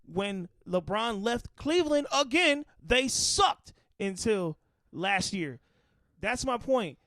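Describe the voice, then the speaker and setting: A man co-hosting a casual sports podcast, insistent and loud when arguing, swearing freely. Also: high-pitched, expressive, slow pace, no echo, clean studio sound. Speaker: podcast co-host.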